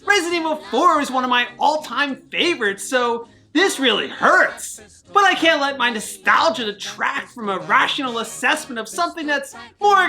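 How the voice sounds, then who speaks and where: Brief: woman host reading a game review script, wry and jokey, crisp bright tone, lively intonation. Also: high voice.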